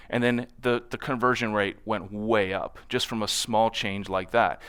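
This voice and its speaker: A man's voice: on the low side, fairly even intonation, unhurried, hardly any pauses, fairly bright tone, clear, resonant tone. A man speaking at a conference in front of an audience, telling anecdotes in a conversational way and often checking in with "right?".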